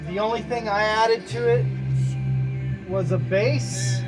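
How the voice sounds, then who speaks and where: A man's voice: high voice, steady tone, takes it slowly, low-quality recording. A middle-aged man talking casually and candidly about his music in a small shed studio, rambling with many restarts and fillers. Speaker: musician explaining his album. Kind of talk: casual talk to camera, track by track. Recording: music playing clearly behind the voice.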